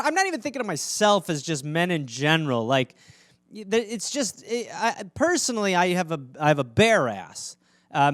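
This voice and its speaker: A man's voice: high-pitched, fairly bright tone, dry recording, clean studio sound. A man hosting a comedy podcast, riffing alone in a rambling, sarcastic, mock-outraged way. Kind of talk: solo comedic riffing monologue.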